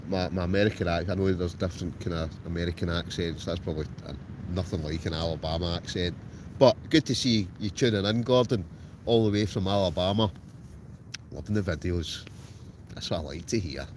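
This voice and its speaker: Scottish guy from ayrshire in a tent, lowish voice, chatting to viewers, loud wind rumbling behind. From Scotland. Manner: chatty, answers viewers by name. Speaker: livestream host. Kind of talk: casual chat reading live comments. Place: tent outdoors in a storm at night.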